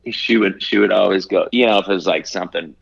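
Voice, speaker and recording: A man in his sixties from Ohio speaks in a low, gravelly voice with a husky edge. He talks halting and reflective, with plenty of fillers and restarts, as an interview guest. The audio is dull and lo-fi. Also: no room sound. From Ohio, USA. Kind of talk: casual interview chat.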